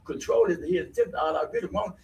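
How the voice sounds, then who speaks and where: A man's voice: high voice, fast talker, darkish tone, roomy sound, dull audio. A middle-aged man sharing his recovery story in an earnest, repetitive way. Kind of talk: testimony in casual talk. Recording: distant mic with faint noise.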